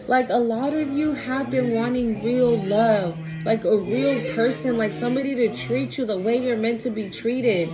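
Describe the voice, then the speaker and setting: A woman's voice: on the high side, moderate pace, few pauses, music in the background, poor audio. A woman giving a casual tarot reading, blunt, emphatic and full of swearing. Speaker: tarot reader.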